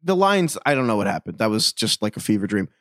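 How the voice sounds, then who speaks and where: Animated joking male podcast co-host. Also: fairly low pitch, quick pace, no echo, clean studio sound. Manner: joking, playful, pop-culture references. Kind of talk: casual chat.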